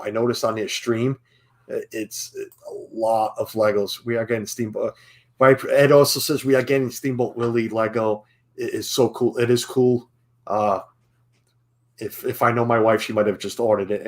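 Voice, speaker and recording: A man hosting a casual live-stream chat, rambling with restarts and chuckling as he reads the chat. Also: on the low side. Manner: rambling, self-interrupting, chuckling. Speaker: stream host.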